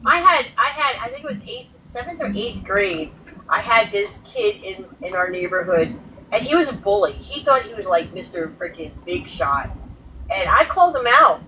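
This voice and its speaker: A woman's voice: medium pitch, very animated, moderate pace, bright, forceful tone. A woman telling brash, swear-laden stories in casual chat, acting out quotes, from inside a vehicle. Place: in a vehicle, air conditioner blowing. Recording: distant mic with road noise.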